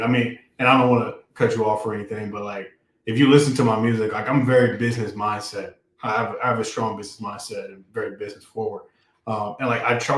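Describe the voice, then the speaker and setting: A man who raps, talking as an interview guest in a relaxed, casual way with many fillers. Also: on the low side. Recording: roomy, echoey sound.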